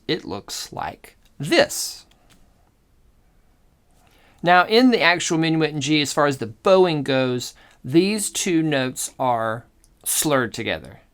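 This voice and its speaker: In an online lesson, a cello teacher with a gravelly but fairly bright mid-range voice talks through a demonstration. Chatty and explanatory, she frequently asks "okay?" or "all right?" and revises her sentences halfway through as she thinks out loud.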